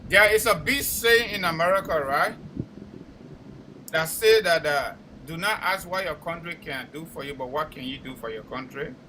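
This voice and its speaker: Forceful high-voiced Liberian man host. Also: animated, normal speed, a little hiss or hum, rough recording. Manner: forceful, combative, repeats words when heated. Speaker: talk show host. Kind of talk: call-in talk show commentary.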